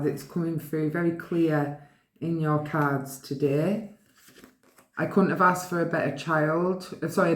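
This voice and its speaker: A woman giving a pick-a-card reading, gently and affectionately reading the card messages aloud to her viewers. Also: low-pitched, echoey room. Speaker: tarot card reader.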